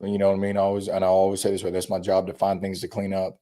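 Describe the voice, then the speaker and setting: Male high school football coach, low mellow voice, rambling casual storyteller. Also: monotone, rapid-fire. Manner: rambling storyteller, acts out quotes. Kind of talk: casual chat.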